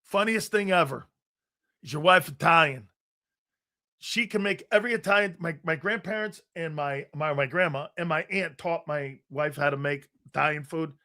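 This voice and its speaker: An excitable male sports show host talking in a high, bright, cutting voice. He is loud and profane, tells stories in quick bursts with restarts, and breaks into shouts when something excites him. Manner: rapid storytelling with restarts. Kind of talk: live sports talk show.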